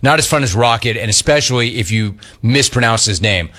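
A man hosting a sports talk radio show, ribbing his co-hosts with emphatic, animated banter and repeated catchphrases. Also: medium pitch, brisk. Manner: emphatic, mocking and animated, repeats phrases for effect.

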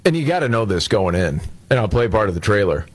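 A man's voice: lowish voice, sing-song, fast talker, dry recording. A man co-hosting a radio talk show, making wry jokes in casual banter. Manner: joking, wry asides. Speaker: radio co-host.

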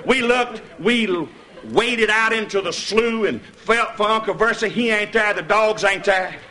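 Animated storyteller man, voice up high. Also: unhurried, crowd noise. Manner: animated, laughing, breaks into hollers. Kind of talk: folk tall-tale storytelling. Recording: noisy recording with clicks.

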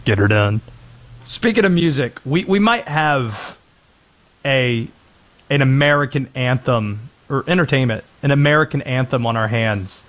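A man hosting a sports talk radio show, animated and joking, sometimes putting on silly voices. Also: mid-range voice, normal speed.

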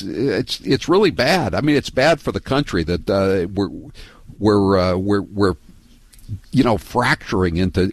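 Animated, rambling talk radio host man. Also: mid-range voice, no room sound. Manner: animated, rambling, repeats and restarts words. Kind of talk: political call-in talk radio.

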